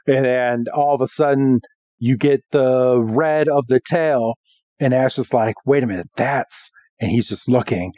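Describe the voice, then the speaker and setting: A man's voice: medium pitch, a little mellow, no room sound, highs cut off. A man hosting a podcast, casually recapping a cartoon episode with a lot of restarts and acted-out quotes. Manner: rambling, restarts, acts out quotes. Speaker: podcast host.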